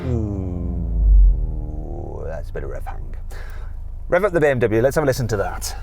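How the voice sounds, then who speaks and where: Lively, cheeky car presenter man. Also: deep voice, a little slow, vocal fry, over loud music. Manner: cheeky, jokey, exclaims loudly. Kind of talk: excitable drag race presenting. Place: inside a car.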